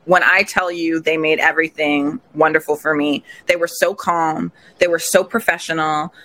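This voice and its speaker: Woman guest, bright voice, animated and expressive storyteller in a casual chat. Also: low-pitched, normal speed. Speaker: podcast guest, recent bride. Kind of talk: casual interview conversation.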